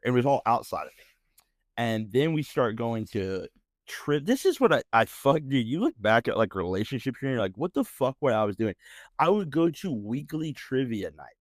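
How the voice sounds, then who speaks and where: A man's voice: on the low side, very animated, normal speed, dry recording, studio quality. A man in his thirties with an American accent, hosting a podcast and telling a personal story in a casual, profane, slang-heavy ramble with mocking outbursts. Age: 30s. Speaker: podcast host.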